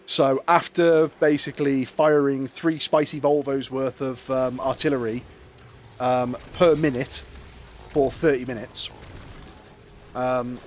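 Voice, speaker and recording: A man's voice: medium pitch, steady tone, slow, slight background noise. A British man streaming a game, chatting casually and telling a long joke full of fillers and restarts. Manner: rambling, many fillers and restarts. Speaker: gaming streamer.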